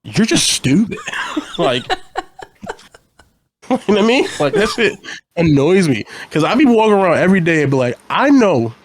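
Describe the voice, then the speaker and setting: A man's voice: high-pitched, very animated, normal speed, long pauses, dry recording. A young man co-hosting a podcast, chatting casually in a rambling, profane, exasperated way and laughing often. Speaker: podcast co-host. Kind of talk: casual chat.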